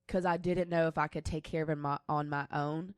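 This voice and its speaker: A woman's voice: low voice, fairly even intonation, brisk, smooth, no echo, clean studio sound. A woman in her twenties co-hosting a casual podcast, telling a personal story in a candid, rambling way with many restarts. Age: 20s. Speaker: podcast co-host.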